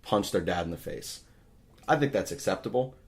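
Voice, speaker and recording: A man's voice: low-pitched, animated, normal speed. A man hosting a podcast, ranting in a profane, exasperated way in casual talk. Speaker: podcast host.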